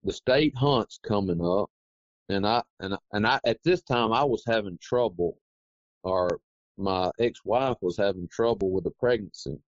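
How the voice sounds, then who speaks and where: In a dry, dull lo-fi recording, a man with a lowish voice talks a little slowly. As an interview guest, he spins a rambling, folksy anecdote, retelling it in a casual, animated way.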